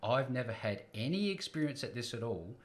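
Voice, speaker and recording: A man hosting a business podcast, asking questions in a measured way and affirming his guest. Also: mid-range voice, sing-song. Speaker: podcast host. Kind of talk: interview questions.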